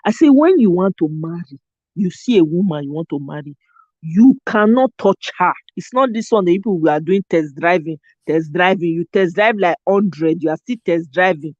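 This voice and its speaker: An animated Nigerian woman chats as a host, her accent strong and her delivery full of pidgin turns. The sound is dry and slightly muffled, like a low-fi setup. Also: moderate pace, dry recording. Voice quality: animated, mixes pidgin and Yoruba phrases. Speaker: show host. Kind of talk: casual chat.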